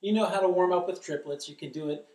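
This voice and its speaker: Talking fast, a middle-aged drum instructor gives a careful lesson, chanting the rhythm syllables aloud. His voice sits high, with background noise present. It comes from an indoor drum studio, echoey and recorded with a distant mic.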